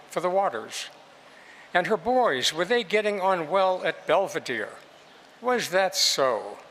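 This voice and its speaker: A man giving an unhurried, expressive public reading of literary prose, with measured, lilting phrasing. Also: on the high side, slight background noise. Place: museum reading space with long reverb. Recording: long hall reverb.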